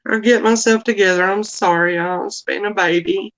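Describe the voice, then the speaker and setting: A woman's voice: medium pitch, steady tone, normal speed, poor audio. A middle-aged woman with a drawl hosts a loose live chat. She rambles, apologizes often and sounds emotional, the way someone talks when she wears her feelings openly. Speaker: live stream host.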